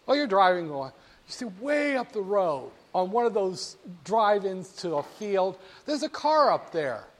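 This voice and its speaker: Guy lecturing a class, pretty high voice, lively, cracks jokes at students. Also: measured pace. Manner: lively, jokey, speaks straight to students.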